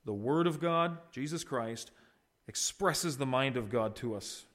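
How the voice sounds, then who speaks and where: A middle-aged man preaching a sermon in an earnest style, swinging between loud and soft. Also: lively intonation, a little slow. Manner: earnest preaching with wide swings in loudness and pitch. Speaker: pastor.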